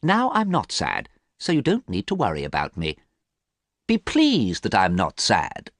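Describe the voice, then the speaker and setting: A man's voice: lowish voice, huge pitch swings, unhurried, no echo, full character voice. A man voicing a vain, cold young man who drawls in a haughty, raised voice, recorded close and dry.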